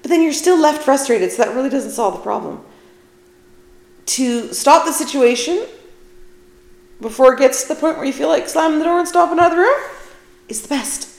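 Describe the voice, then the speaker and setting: A woman's voice: high-pitched, animated, moderate pace, vocal fry, pauses often. A middle-aged woman hosting her own podcast, talking casually and candidly with a self-deprecating streak. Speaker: podcast host. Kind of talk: casual solo podcast talk. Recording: echoey room.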